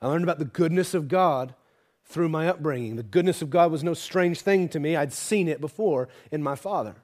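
A man with a slightly high voice preaches a sermon in a church. He drops to soft, close asides and then climbs into loud, emphatic declarations. He keeps asking the listeners questions. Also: a little fast. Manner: asks the audience rhetorical questions.

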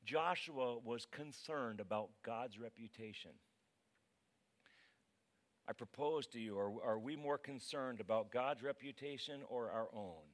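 A man preaching a casual, conversational sermon as pastor, dramatic and animated. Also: medium pitch, a little slow.

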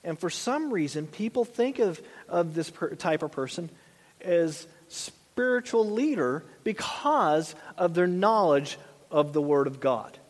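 A man's voice: fairly high pitch, expressive, unhurried. A man preaching a conversational sermon as a pastor, often repeating and restarting his phrases. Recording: long hall reverb.

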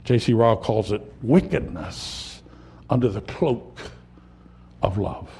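A man preaching a sermon, building to impassioned peaks and dropping to quiet, reflective lines. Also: lowish voice, lively intonation, takes it slowly, vocal fry, husky. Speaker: pastor.

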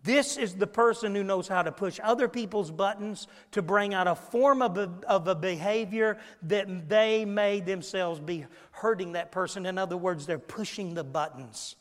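A male preacher delivering an emphatic sermon, rising to loud peaks and dropping low again. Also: moderate pace, hardly any pauses. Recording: long echo in a large hall.

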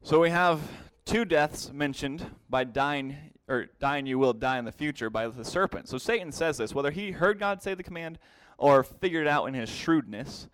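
A man teaching a Bible class, explaining word meanings slowly and repeating key phrases for emphasis. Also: a little high, lively intonation, a bit bright, smooth, no echo. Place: classroom with a whiteboard.

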